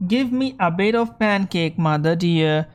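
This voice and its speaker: A woman's voice: on the low side, expressive, measured pace. A woman voicing hungry children in a storybook reading, pleading in a singsong tone. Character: seven hungry children begging sweetly.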